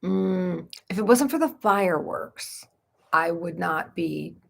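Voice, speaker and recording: A woman who practices Reiki chats casually on a livestream at home at night, cooing baby talk to her dogs. Her voice is on the low side with vocal fry, lively intonation, and a slow pace.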